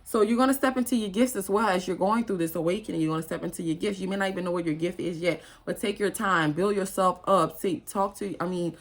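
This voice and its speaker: Earnest woman, lowish voice. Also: fast, few pauses. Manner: earnest, emotional and rambling, with restarts and asides. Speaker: spiritual vlogger. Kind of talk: casual motivational monologue.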